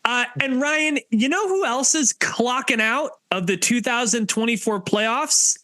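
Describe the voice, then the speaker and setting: A man co-hosting a sports podcast in casual chat, lively and jokey as he rattles off scores. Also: very high voice, measured pace, no echo. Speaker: podcast co-host.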